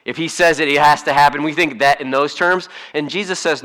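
A man preaching a sermon in a conversational, humorous way, swinging between hushed asides and emphatic points. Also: a little high, steady tone, a little fast, hardly any pauses. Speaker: pastor.

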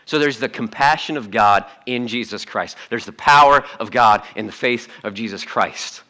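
A man preaching a sermon to his church in a conversational, animated way, with joking asides. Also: medium pitch, moderate pace. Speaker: pastor.

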